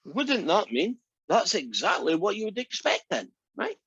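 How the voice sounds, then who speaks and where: A male math teacher lectures his class in a voice pitched a little high. He leads them through one point after another by asking them questions. The recording is dry and dull, with the room's highs cut off. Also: huge pitch swings, measured pace, fairly bright tone, slightly rough, no room sound. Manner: asks the class many rhetorical questions. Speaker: math instructor.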